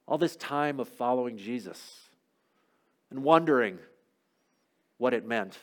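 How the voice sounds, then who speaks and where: A man preaching a sermon as a first-person dramatic monologue, telling the story and swinging from loud to hushed. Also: medium pitch, lively intonation, unhurried, long pauses.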